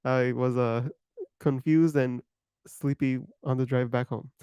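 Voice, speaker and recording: A man's voice: mid-range voice, steady tone, measured pace, warm tone, smooth, no room sound. A man co-hosting a casual podcast, explaining things earnestly and laughing easily. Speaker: podcast co-host.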